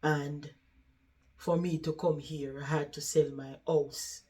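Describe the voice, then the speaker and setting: A tired old woman looks back on a life of overwork with quiet regret, voiced by a woman retelling her story. The speech is slow and heavy and sits near tears. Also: sits low, steady tone. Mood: weary. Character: weary regretful older woman in care.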